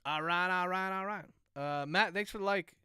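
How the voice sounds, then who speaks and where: A man's voice: high voice, moderate pace, pushed and bright, clean tone, dry recording, clean studio sound. A man, an author, dictates his novel aloud on a livestream, speaking each comma and period, then chats loosely with viewers. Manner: speaks punctuation marks aloud while dictating; loose, chatty asides to viewers between passages.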